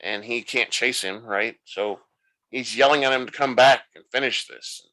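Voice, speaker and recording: A man with a bright, forward voice retells a show's plot in casual podcast chat. He wanders through the story and thinks aloud as he talks. His pitch sits in an ordinary middle range. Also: moderate pace, rough recording. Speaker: podcast host. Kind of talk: casual episode recap.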